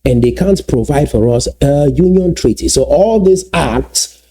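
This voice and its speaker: A man giving solo video commentary, emphatic and repeating key phrases slowly for effect. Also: on the high side, lively intonation, mellow, slightly rough. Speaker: political commentator.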